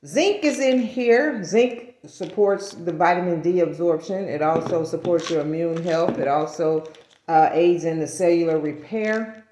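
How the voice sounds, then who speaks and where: In an echoey room, a woman with a fairly low, dark voice speaks unhurriedly to the camera for a casual vlog, with a little hiss or hum in the audio. She rambles, self-corrects, and laughs at her stumbles.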